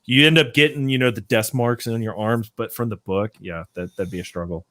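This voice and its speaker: A man's voice: fairly low pitch, a little fast, sharp tone, no room sound. A young adult man from Texas, hosting a casual chat and rambling loosely with lots of fillers. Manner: laid-back, rambling, many fillers. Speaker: host.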